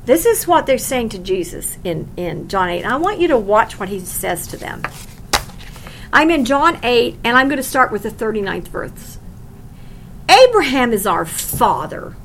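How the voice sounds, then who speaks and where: A woman's voice: fairly high pitch, sing-song, measured pace, a bit bright, a little hiss or hum, poor audio. A woman teaching a sermon on scripture, emphatic and conversational, asking the listeners questions. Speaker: Bible teacher.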